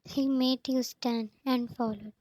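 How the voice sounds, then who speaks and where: A woman reading a fanfiction story aloud, announcing each speaker's name before their lines. She goes at an unhurried, slow pace in a fairly high voice. Her delivery stays level, with little rise and fall. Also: fairly even intonation, darkish tone, dry recording, poor audio. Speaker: fanfiction reader.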